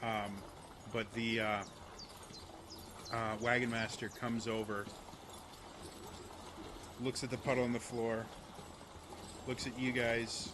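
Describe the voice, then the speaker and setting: A man narrating as game master in a laid-back, halting way. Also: mid-range voice, level tone, background noise.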